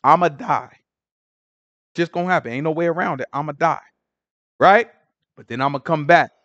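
A man voicing a calm male teacher who explains his coming death in laid-back, matter-of-fact slang. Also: on the high side, moderate pace, no room sound, highs cut off, voice pushed down, natural voice.

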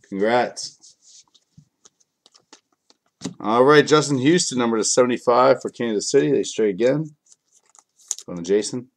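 A man's voice: medium pitch, unhurried, pauses often. A man with kids, a bit sick, hosting a live card break in a casual, joking way and talking to viewers by name. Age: adult, has kids. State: a bit sick, clearing throat.

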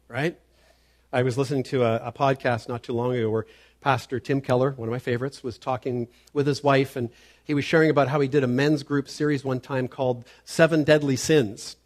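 A man's voice: mid-range voice, brisk. A man preaching a sermon as pastor, earnest and emphatic, often stammering on the start of a word. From Canada.

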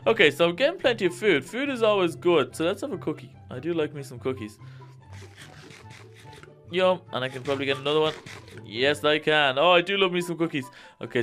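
Man, let's-play commentary, higher-pitched, excitable, nervous, faint game music behind. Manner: jittery, excitable, talks to viewers. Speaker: gaming YouTuber.

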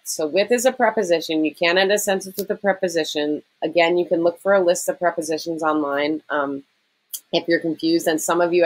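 A woman's voice: lowish voice, rough recording. A woman teacher giving a recorded writing lesson to her students, explaining step by step in a conversational way with frequent "okay" and "um".

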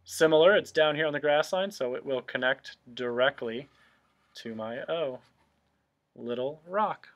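Slow, patient male handwriting teacher. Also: medium pitch. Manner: patient, step-by-step explaining. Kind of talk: remote handwriting lesson.

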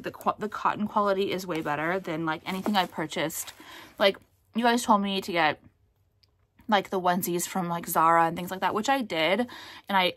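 Her voice is on the low side and fairly bright. A young American woman vlogging casually, she meanders with many fillers and profanity, now and then boiling over with outrage.

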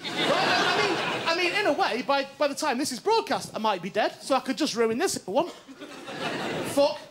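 A male comic does a stand-up set on a TV studio stage. His voice sits high and swoops a lot as he tells his story. He keeps checking in with the crowd. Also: moderate pace, very noisy. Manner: animated, self-mocking storytelling with frequent "right?". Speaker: stand-up comedian. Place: TV studio stage before an audience.

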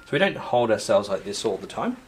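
A music teacher gives a recorded drum lesson in a lowish, slightly quick voice with a bit of background noise. He counts in, shouts sticking patterns over the drumming, then calmly and patiently explains the technique.

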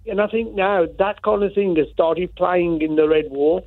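High-voiced male caller on phone line. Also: fairly even intonation, moderate pace, dry recording. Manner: earnest, checking in with rhetorical "right?". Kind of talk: phone-in call.

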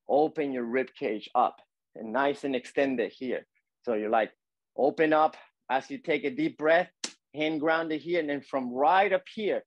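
A man's voice: on the high side, no echo. Man coaching calligraphy, dry close sound. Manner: relaxed, repetitive coaching with many fillers. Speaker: calligraphy teacher. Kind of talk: live demonstration lesson.

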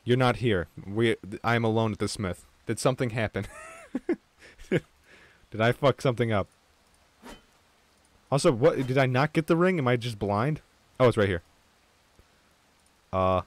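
A young man streaming an online game with viewers, chatting casually, swearing freely and getting excited. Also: mid-range voice, normal speed. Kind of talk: casual gaming chat.

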